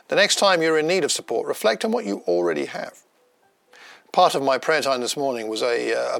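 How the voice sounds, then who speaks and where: A man giving a gentle, personal devotional talk, unhurried, with small pauses and restarts. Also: on the high side, gravelly, no echo. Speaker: devotional speaker.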